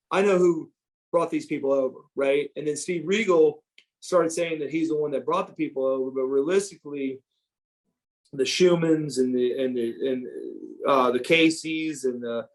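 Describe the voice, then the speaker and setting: A man in his fifties from the United States, a former pro wrestler telling stories as a guest in a podcast interview, animated and profane with many restarts. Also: on the high side, rough recording. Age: 50s.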